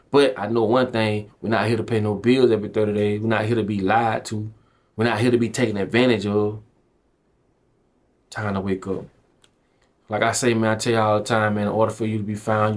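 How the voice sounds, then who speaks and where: A man, from Belle Glade, giving impassioned direct-to-camera commentary as a vlogger. He talks in an emphatic, preachy way, full of slang, and keeps calling the viewer bro and man. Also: lowish voice. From Belle Glade, Florida.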